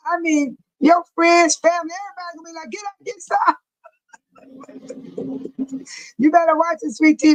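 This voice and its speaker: A woman's voice: high voice, fairly bright tone, rough recording. An older woman, hosting a casual livestream, laughing often and teasing viewers by name as she reads the chat. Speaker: livestream host reading chat.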